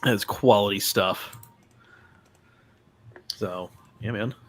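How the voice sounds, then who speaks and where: A man's voice: fairly low pitch, drawn-out words, fairly bright tone, breathy edge. A man hosting a casual live stream, chatting loosely with many fillers and restarts. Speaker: stream host.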